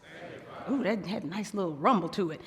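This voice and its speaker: Preaching in a big church hall with long reverb on the recording, a pastor's wife speaks fast in a lowish voice. Her sermon is playful, and she performs the voices of quoted couples.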